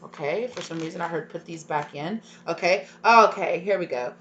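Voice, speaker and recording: Brief: young woman tarot reader, low-ish voice, effusive and tearful, faint hum behind. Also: normal speed, a bit bright, muffled recording. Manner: emotional, gushing, many fillers and repeated "right?". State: tearful at times. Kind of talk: live tarot reading to viewers.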